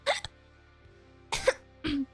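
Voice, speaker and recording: In a very slow voice, a young English streamer reads viewer comments and chats casually, giggling and rambling as she tells lively stories. Soft music plays in the background, and there's no room sound.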